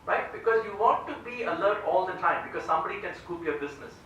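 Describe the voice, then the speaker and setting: The Indian economics lecturer talks fast and expressively in a high-pitched, fairly bright voice, walking through ideas step by step and often asking "right?". He stands before an audience in a large lecture hall, captured from far off in heavy echo with slight background noise.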